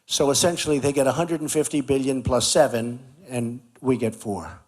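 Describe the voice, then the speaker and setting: Speaking at an outdoor barbecue, this male political candidate makes his rally pitch with emphasis, repeating himself in a loose, conversational way. His voice is medium in pitch, a little mellow, and moves at a moderate pace.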